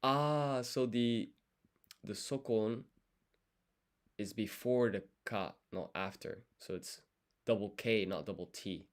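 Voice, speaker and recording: A man thinking aloud through a language study session, sounding out foreign words slowly syllable by syllable and muttering self-corrections. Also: on the low side. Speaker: language learner streaming his study.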